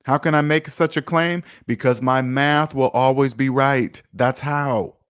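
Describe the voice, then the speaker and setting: With a clear, resonant, medium-pitched voice, a finance channel host speaks a little slowly and with fairly even intonation. On his livestream he lectures viewers casually but emphatically, preaching and reading their comments aloud.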